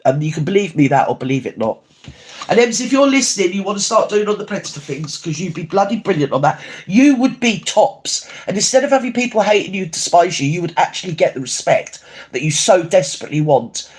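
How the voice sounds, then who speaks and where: Bloke rambling on his livestream, sweary, voice jumps up and down a lot, bit high. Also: big pitch swings, a little fast. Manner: rambling, swears, swings pitch up and down often. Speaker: livestream host. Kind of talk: casual livestream chat reading comments.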